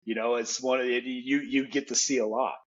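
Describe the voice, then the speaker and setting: A man's voice: medium pitch, little pitch movement, a little fast, slightly rough. A male podcast guest telling laid-back stories in casual conversation. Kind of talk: casual storytelling. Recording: dull, muffled mic.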